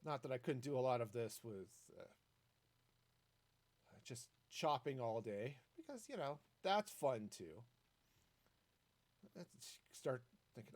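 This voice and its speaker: Chatty man with a lively voice. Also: slow, pauses often. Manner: chatty and rambling, lively swings in pitch. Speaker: streamer. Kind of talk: casual gameplay commentary.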